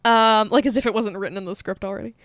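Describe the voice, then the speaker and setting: A woman's voice: medium pitch, fairly even intonation, fast, fairly bright tone, no room sound, studio quality. A woman co-hosting a podcast, recapping a film in casual, profane chat and acting out the characters' lines in a sardonic tone. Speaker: podcast co-host.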